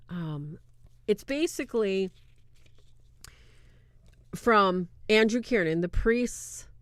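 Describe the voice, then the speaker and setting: Chatty woman recapping a film, lively pitch. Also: dry recording, studio quality. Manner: retells scenes with acted-out quotes, chatty. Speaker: movie reviewer. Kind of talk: casual film recap, live-streamed.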